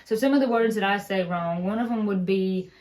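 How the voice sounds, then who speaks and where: A woman's voice: medium pitch, brisk, darkish tone. A woman with an Appalachian accent, co-hosting a casual chat and explaining words in an easygoing way. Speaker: co-host.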